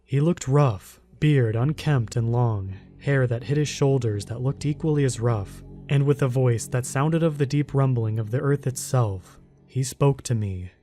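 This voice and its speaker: A man telling a first-person horror story in a calm, steady narrating voice. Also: mid-range voice, a little slow, few pauses, soft background music.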